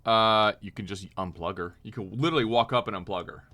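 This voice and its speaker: A man running a tabletop game as game master, narrating in a relaxed, plain way and calling out rolls. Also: fairly low pitch, quick pace.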